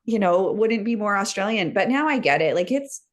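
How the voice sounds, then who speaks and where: A woman with an American accent, a guest chatting casually about her work as a wildlife educator, talking in fast, filler-heavy stories. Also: mid-range voice, lively intonation. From United States. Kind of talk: casual chat.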